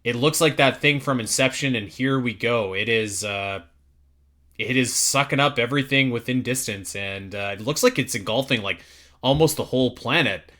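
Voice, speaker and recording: A man's voice: medium pitch, moderate pace, sharp tone. A young man co-hosting a casual podcast, talking enthusiastically and emphatically with many restarts. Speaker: podcast co-host.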